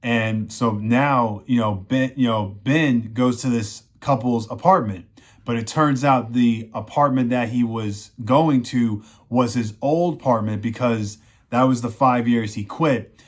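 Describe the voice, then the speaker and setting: A man's voice: mid-range voice, a little slow. A man casually recapping a TV season in a rambling way, full of "you know" fillers. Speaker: show reviewer.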